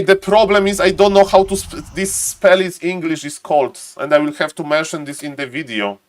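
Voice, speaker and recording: Excitable streamer man casting a game. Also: sits high, slight background noise. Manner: excitable, talks to chat, keeps saying "ladies and gentlemen"; non-native English, stumbles over words. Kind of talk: live game commentary.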